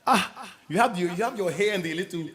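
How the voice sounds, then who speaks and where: A man voicing a loud, teasing West Indian man with a West Indian accent, scolding in jest. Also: high-pitched, brisk, voice pushed up. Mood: boisterous teasing. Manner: boisterous, mock-scolding.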